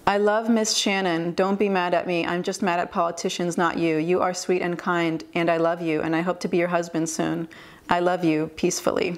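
A woman's voice: fairly low pitch, level tone, brisk. A young American woman vlogging casually, reading odd messages aloud with wry amusement and chatty fillers. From United States. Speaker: YouTuber and English teacher.

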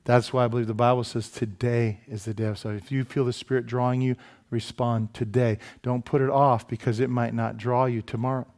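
A male pastor preaching a sermon, telling stories with lively asides and self-deprecating humor. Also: medium pitch, brisk. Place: church sanctuary.

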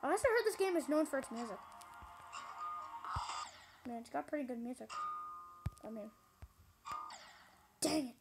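A young woman gaming YouTuber speaks to her viewers in a high, sing-song voice at a moderate pace, pausing often. Her gameplay commentary is frustrated and full of exclamations, with loud game music behind her on a low-quality recording.

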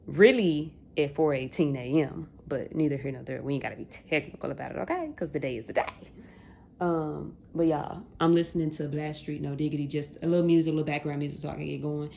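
Woman in her late 20s just chatting to the camera, low voice, real gravelly, slangy and loose. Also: steady tone, fast, darkish tone. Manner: chatty, talks straight to viewers, folksy slang. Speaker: vlogger. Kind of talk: casual chat to viewers.

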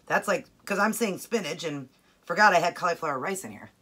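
Chatty woman with a bright, husky voice. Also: on the low side, animated, a little fast. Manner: chatty, enthusiastic, tasting food as she talks. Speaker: keto cooking vlogger. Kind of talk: casual cooking chat to camera.

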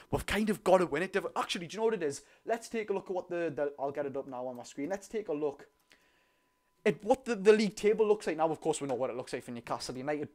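Young Geordie man, live-stream host, lively and chatty, fairly high voice, casual swearing. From North East England. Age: young adult. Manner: animated, chatty, swears casually, addresses viewers directly. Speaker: football fan YouTuber hosting a live watchalong.

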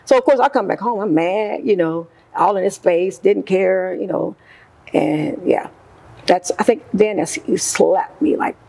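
A middle-aged woman, a guest in an interview, recounting her past in an emotional, animated way and acting out what people said. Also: mid-range voice, unhurried, vocal fry, husky, low-quality recording. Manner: emotional, animated retelling with quoted voices. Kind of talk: personal story in an interview.

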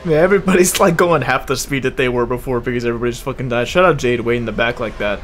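A young man giving live commentary on an online racing league while driving in it himself, casual and profane, loud and excited at big moments. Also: medium pitch, quick pace, a little hiss or hum. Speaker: race commentator and streamer. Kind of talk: live esports race commentary.

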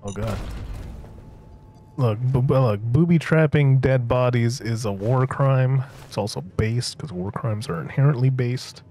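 A man's voice: medium pitch, unhurried, warm tone. A man streaming a video game, chatting casually, joking and tripping over his words. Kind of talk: casual live-stream gaming commentary.

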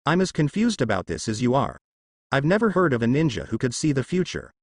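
A man reading a mild-mannered teacher who sounds unsure and puzzled. The delivery keeps a lively rise and fall, close and dry. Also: mid-range voice, fairly quick, no room sound. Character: puzzled adult male teacher, calm.

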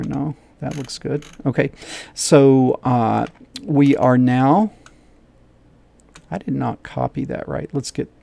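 Slow, gravelly middle-aged male teacher. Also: medium pitch, dark tone. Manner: thinks aloud, repeats steps, checks himself. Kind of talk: screen-share coding lesson.

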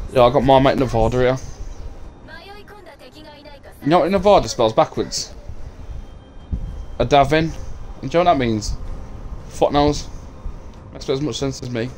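A man's voice: mid-range voice, a little mellow, a little hiss or hum. A man streaming a game live, swearing freely, bantering and taunting his opponents. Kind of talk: live gameplay commentary.

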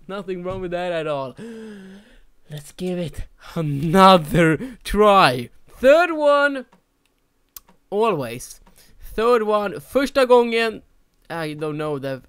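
Young swedish-accented gamer yelling and giggling at the game, voice swooping up and down, dry close mic. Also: mid-range voice, no echo. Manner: giggly, shouty, talks to game characters. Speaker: let's play gamer. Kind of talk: excited gameplay commentary.

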